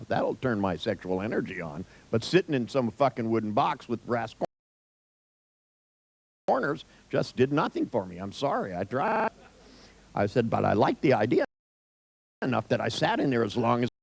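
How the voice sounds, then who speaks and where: Older guy rambling through a story, swears a lot, gravelly voice, pitch all over the place. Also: darkish tone, low-quality recording. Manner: profane, wry, full of restarts and asides. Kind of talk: rambling personal anecdote.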